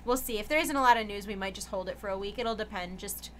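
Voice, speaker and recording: A woman's voice: medium pitch, fast, a crowd in the background. A young woman co-hosting a game news stream, chatty and thankful, speaking with fillers and laughs. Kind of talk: casual stream sign-off chat.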